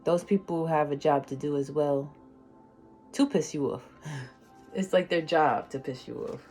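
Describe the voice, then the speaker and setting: Low, slow-talking emotional woman tarot reader. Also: soft background music. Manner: emotional, slangy, swings from loud excitement to soft near-whispers. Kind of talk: casual tarot reading monologue.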